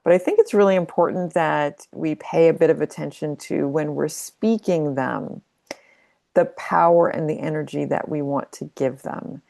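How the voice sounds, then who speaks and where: A woman's voice: low-pitched, normal speed, vocal fry, mellow. A woman who is a creativity coach, talking through her advice in a reflective, conversational way and playing with emphasis. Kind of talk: casual teaching monologue.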